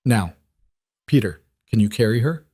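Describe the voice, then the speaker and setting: A man's voice: lowish voice, lively intonation, moderate pace, dark tone, breathy edge, no echo, studio quality. A man voicing a woman healer on the frontier who speaks firmly and steadily. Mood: urgent.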